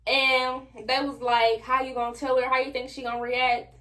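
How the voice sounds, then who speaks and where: A young adult woman telling a personal story straight to her viewers in a casual, slangy, animated way. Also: sits high, normal speed. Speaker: vlogger.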